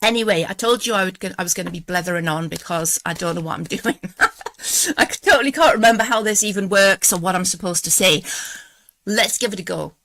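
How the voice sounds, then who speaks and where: A woman's voice: fairly low pitch, gravelly, a bit bright. A woman with a Geordie accent hosting a live tarot stream, chatting in a rambling, self-deprecating way and laughing often, wired on coffee. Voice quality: quick, clipped voice. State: buzzing on coffee after feeling unwell. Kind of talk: casual live-stream chat.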